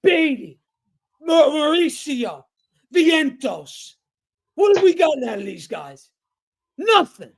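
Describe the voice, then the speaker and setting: A man co-hosting a sports podcast, ranting angrily, shouting and swearing a lot. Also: extremely high pitch, big pitch swings, slow, vocal fry, long pauses. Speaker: podcast co-host. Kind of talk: heated sports rant.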